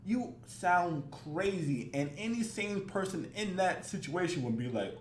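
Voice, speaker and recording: A man's voice: sits high, expressive, a little slow, few pauses, roomy sound, slight background noise. A man hosting a reaction video, giving casual, mocking commentary and swearing freely.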